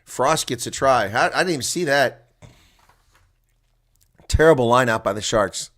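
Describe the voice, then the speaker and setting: A man calling a rugby match live as a chatty, excitable watch-along commentator, with a congested throat that keeps him coughing. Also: mid-range voice, unhurried. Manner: chatty and excitable, laughs at players' mistakes. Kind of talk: live play-by-play reaction commentary.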